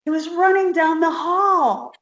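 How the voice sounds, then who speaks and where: Woman as naive young secretary, radio comedy; very high, childlike, roomy dull sound. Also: measured pace, a bit bright, exaggerated voice. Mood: earnest. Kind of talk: 1950s radio comedy recreation.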